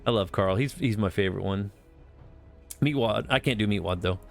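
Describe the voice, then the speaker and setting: A man's voice: lowish voice, normal speed, gravelly, soft background music. A man streaming a game, chatting casually in a rambling, profane way full of fillers. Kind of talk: casual live-stream chat.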